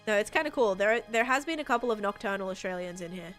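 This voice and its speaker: Woman streamer, bubbly and chatty, talks over clear game music. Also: medium pitch, lively intonation, fast talker, a bit bright. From United States. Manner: bubbly, chatty, reads out chat comments. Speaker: livestreamer. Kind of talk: casual live-stream chat while gaming.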